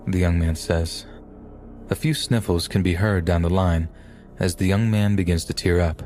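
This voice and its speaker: A man narrating a true scary story in a grave, measured way. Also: sits low, fairly even intonation, a little mellow. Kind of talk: scripted horror story narration. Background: faint music.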